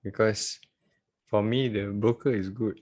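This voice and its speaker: Male trading teacher, low husky voice, unhurried, jokey live class on a video call. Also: steady tone, a little mellow, muffled recording. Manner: joking, chatty, laughs often. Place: at home.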